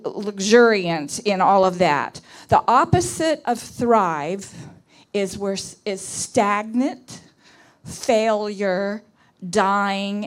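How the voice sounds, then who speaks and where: A woman delivers an earnest prayer message at a church conference. She speaks at a middle pitch, often restarting her phrases and stacking words for emphasis.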